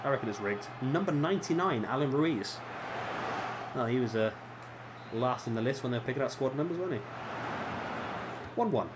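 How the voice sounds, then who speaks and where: A young man plays a football video game while giving chatty, self-deprecating let's-play commentary, reacting aloud to the action. His medium-pitched voice is animated at normal speed with frequent pauses, and background noise is audible.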